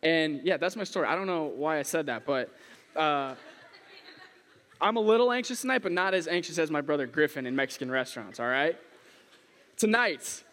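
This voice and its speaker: A young male preacher with a slightly high voice tells funny stories in a casual, self-deprecating way. His voice carries a long reverb from a church hall. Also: moderate pace. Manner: chatty, self-deprecating, animated storyteller. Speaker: youth preacher. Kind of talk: casual sermon with storytelling.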